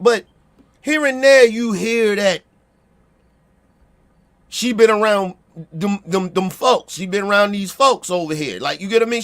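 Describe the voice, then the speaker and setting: A man's voice: high voice, a bit bright. A man with a Baltimore accent giving a blunt, profane opinion rant, repeating himself and checking that listeners agree.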